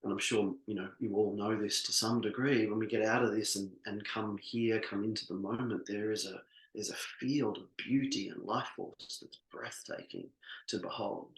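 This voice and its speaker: A middle-aged man coaching a live workshop, earnest and heartfelt, who often stops and restarts his sentences. His voice sits fairly low. The room has a noticeable echo. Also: normal speed, gravelly. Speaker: business coach. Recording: echoey room.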